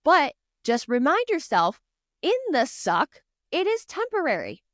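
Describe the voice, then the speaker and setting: Female guest, chatty and earnest, higher voice, dry close sound. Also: huge pitch swings, measured pace, a bit bright, no room sound. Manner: earnest, encouraging, chatty storytelling. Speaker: guest author. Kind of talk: casual podcast chat.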